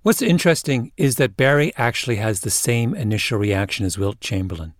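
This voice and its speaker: A male podcast host narrating a scripted story in a measured way, with interview clips in between. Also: mid-range voice, very animated, no room sound, studio quality.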